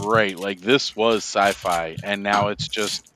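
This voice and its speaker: A man's voice: fairly low pitch, fairly even intonation, slow pace, noisy background. A man hosting a casual livestream chat over a video call, laid-back, laughing often and saying "like" a lot. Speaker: livestream host.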